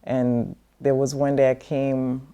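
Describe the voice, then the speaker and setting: A woman in middle age, with a very deep voice that has a dark, mellow tone, recounts her childhood as a guest. She talks loosely and wanders, filling gaps with "um" and "like". She slips into the voices of her family when she quotes them. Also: little pitch movement, slow pace, clean tone, highs cut off. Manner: rambling, with many fillers and restarts. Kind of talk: casual personal storytelling.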